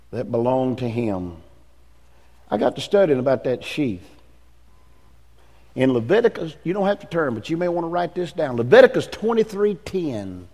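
A male pastor preaches in a high, lively voice that leaps up and drops low. He swings between forceful emphasis and near-hushed asides. The sound carries a long echo, as in a large hall. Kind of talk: sermon.

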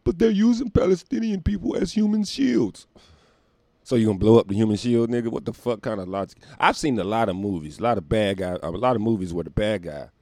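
A man hosting a solo podcast and ranting casually, profane and animated, laughing often while recording at home. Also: fairly low pitch, no room sound. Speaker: podcast host.

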